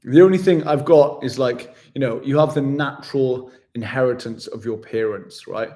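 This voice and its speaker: A chatty man, working through viewer questions live in a loose, casual way. His voice sits at an ordinary middle pitch, and he is easygoing and self-deprecating, calling everyone "mate". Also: normal speed, warm tone. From West Yorkshire, England. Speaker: vlogger answering viewer questions.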